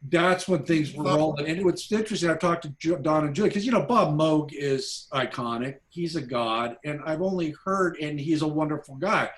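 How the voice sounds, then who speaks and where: A man, a documentary filmmaker, casually telling behind-the-scenes stories to a class, animated and full of restarts. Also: on the high side, moderate pace, hardly any pauses. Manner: animated anecdotes, acts out quoted voices, frequent restarts. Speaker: documentary filmmaker, guest speaker.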